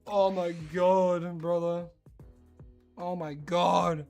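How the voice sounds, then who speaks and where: A streamer with an Australian accent, chatting casually and rambling while playing, breaking into excited disbelief. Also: mid-range voice, drawn-out words, vocal fry, faint music behind. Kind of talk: casual live-stream chat while gaming.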